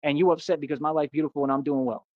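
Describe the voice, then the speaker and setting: A man's voice: on the high side, fairly even intonation, rapid-fire, no echo, dull audio. A man livestreaming and answering his chat in a boastful, combative rant. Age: adult. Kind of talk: ranting live stream.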